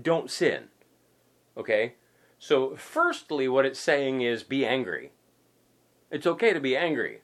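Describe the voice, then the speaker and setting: A man's voice: medium pitch, fairly bright tone. A man preaching a conversational sermon as pastor, emphatic and folksy, repeating his points with casual asides.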